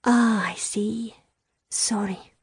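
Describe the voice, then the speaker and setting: A woman's voice: medium pitch, fairly even intonation, drawn-out words, slightly rough, no room sound, studio quality, heavily acted. A woman voicing a kindly female medic with a Scottish accent, speaking in a soothing, motherly way. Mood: gentle.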